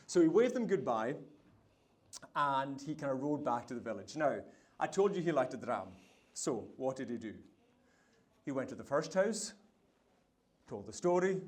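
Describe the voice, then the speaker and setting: A man's voice: mid-range voice, big pitch swings, normal speed, long pauses, darkish tone. A man with a Hebridean Scottish accent, chatting and telling a yarn with laughs while cooking. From Isle of Lewis, Scotland. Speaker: baker giving a cooking demonstration. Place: food festival hall, demo stage.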